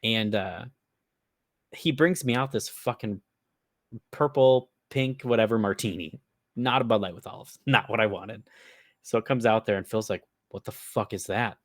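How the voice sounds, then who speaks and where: A man's voice: fairly low pitch, moderate pace, no room sound, studio quality. A man with an Upper Midwest American accent, casually telling a long prank story on a podcast, laughing and swearing as he goes. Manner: rambling, swears freely, laughs while telling. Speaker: podcast co-host.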